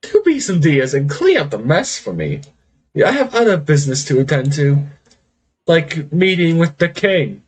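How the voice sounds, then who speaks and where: Theatrical undead lich villain, vain and gleeful, high lilting voice, put on by a male game master. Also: sing-song, normal speed, husky. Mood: gloating. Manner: hammy, sing-song, gloating.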